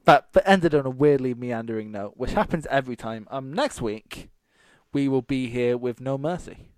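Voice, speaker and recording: A man's voice: medium pitch, lively intonation, normal speed, darkish tone, dry recording. Scottish man, podcast co-host, rambling casual chat, laughs a lot, dry close sound. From Scotland. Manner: rambling, laughing often, self-interrupting.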